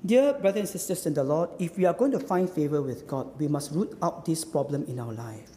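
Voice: medium pitch, animated, fairly quick, warm tone, big-room sound, slight background noise. A preacher giving a sermon, emphatic and full of repeated rhetorical questions, tagging points with "huh?". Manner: repeats phrases and tags lines with "huh?".

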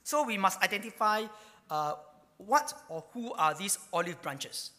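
A man's voice: sits high, measured pace, in a large hall. A man preaching a sermon, asking rhetorical questions and telling stories with many fillers. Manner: animated storytelling, rhetorical questions, frequent fillers.

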